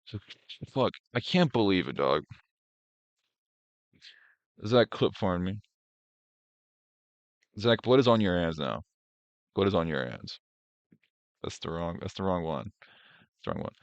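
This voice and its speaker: A man's voice: deep voice, animated, takes it slowly, pauses often, no room sound. A young man hosting a casual reaction stream, rambling and profane, mocking what he watches with lots of filler words. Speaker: streamer host. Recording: dry, dull lo-fi stream audio.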